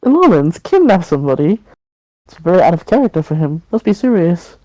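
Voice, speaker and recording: Woman game master, low mellow voice, loose rambling narration. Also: sing-song, brisk, dry recording, low-quality recording. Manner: casual, rambling, with fillers and laughs.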